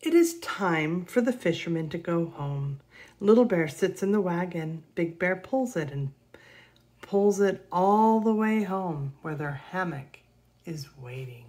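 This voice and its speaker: A woman reading a children's picture book aloud in a gentle, expressive way. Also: fairly low pitch, a little slow. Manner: gentle, expressive read-aloud with gasps and soft laughs. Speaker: storybook reader.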